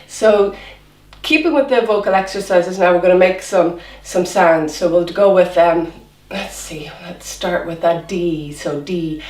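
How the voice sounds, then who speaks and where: A woman teaching a children's drama class online, encouraging them through voice and movement warm-ups. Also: lowish voice, measured pace, reverberant, distant mic. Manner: encouraging, demonstrating vocal exercises.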